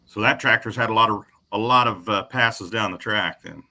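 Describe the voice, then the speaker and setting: Bright-voiced man hosting a casual livestream. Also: on the low side, moderate pace. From Kentucky area. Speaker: livestream host. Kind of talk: casual interview chat.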